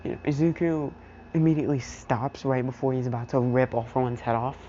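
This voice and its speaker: A man casually narrating an improvised fan story, rambling and filling every pause with "you know". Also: mid-range voice, mellow, dull audio, slight background noise.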